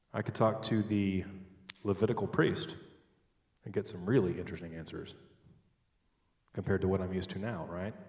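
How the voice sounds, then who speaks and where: A man giving a sermon-style talk on logic, animated and joking, with sudden loud stresses. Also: fairly low pitch, recorded from a distance. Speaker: speaker at a church. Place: large church hall. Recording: echoey hall, picked up from afar.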